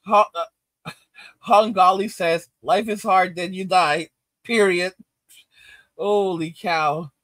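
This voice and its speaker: A man's voice: sits high, steady tone, slow pace, pauses often, fairly bright tone, dry recording. A middle-aged man hosting casual reaction commentary, reading out chat comments, ranting and repeating lines for emphasis with frequent laughs.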